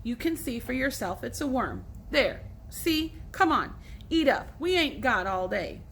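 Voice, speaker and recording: A woman's voice: fairly high pitch, big pitch swings, unhurried, fairly bright tone, a little hiss or hum, full character voice. A woman reading the lines of a scheming boy who pushes and hurries others impatiently. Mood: pushy. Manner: pushy and impatient. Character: pushy scheming boy in a hurry.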